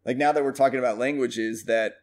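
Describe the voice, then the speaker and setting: Male podcast co-host, mid-pitched, rambling and profane, animated storyteller. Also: a little fast. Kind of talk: casual chat.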